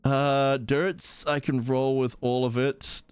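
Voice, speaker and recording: A man's voice: medium pitch, flat delivery, slow pace, clear, resonant tone, no room sound. A man streaming live, chatting casually and playfully, giggling and goofing around with silly pronunciations. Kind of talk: casual livestream chat.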